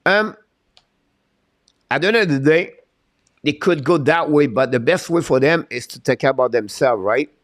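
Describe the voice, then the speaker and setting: A man's voice: fairly high pitch, animated, normal speed, pauses often, no room sound, studio quality. A man, a hockey coach hosting a live stream, talking in a fired-up, repetitive motivational way and reading viewer comments.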